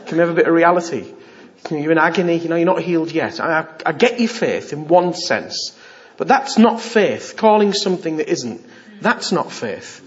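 A man's voice: fairly high pitch, animated, normal speed. A middle-aged man preaching an informal, jokey sermon and acting out the voices he quotes. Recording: dull lo-fi sound.

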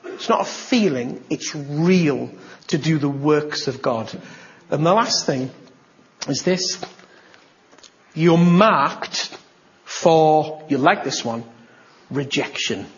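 A man preaching a sermon, telling a story and acting out the dialogue, with sudden bursts of excitement. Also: a little high, slow, long pauses, dull audio, slight background noise.

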